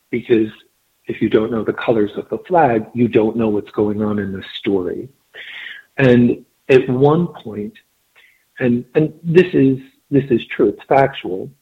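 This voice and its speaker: A man, an author and guest, explaining and then reading his own story aloud in a measured way. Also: medium pitch, husky. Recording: tinny phone line.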